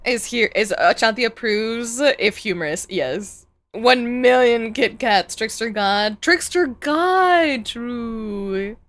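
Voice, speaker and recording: Bright, slow-talking woman streamer. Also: a little high. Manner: joking, animated, rambling asides. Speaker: VTuber streamer. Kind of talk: casual reaction commentary.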